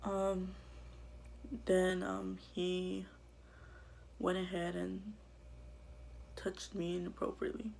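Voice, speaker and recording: Woman vlogger, low gravelly voice, halting and hushed, faint hum behind. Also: monotone. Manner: halting and quiet, often dropping to a whisper. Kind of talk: personal life story told to camera.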